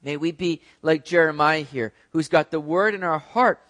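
A man's voice: a little high, normal speed, a bit bright. A man preaching a sermon in a casual, conversational way, with frequent fillers and restarts, speaking directly to the congregation.

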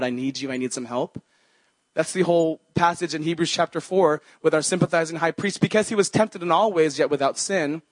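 Young guy pastor preaching, earnest and chatty, bit of a high voice, dry sound. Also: no echo. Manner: earnest, conversational preaching with scripture quotes. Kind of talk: sermon.

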